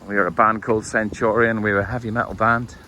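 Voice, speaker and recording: A man's voice: lowish voice, level tone, fast talker, bright, forceful tone, rough recording. A middle-aged Englishman vlogging casually outdoors at night, chatty with a dry wry humour, on a handheld camera. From England. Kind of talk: casual vlog narration. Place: outdoors in a windy town at night. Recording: wind noise outdoors.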